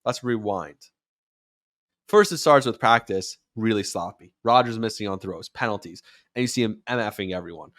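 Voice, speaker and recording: A man hosting a show, talking sports in a casual, animated way and rising to near-shouts when he acts out quotes. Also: lowish voice, moderate pace, dry recording, clean studio sound. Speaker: podcast host and sports radio commentator.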